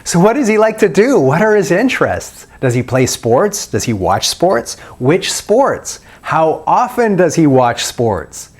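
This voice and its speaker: Questioning man coaching listeners, lively pitch. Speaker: dating coach. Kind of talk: self-help video instruction.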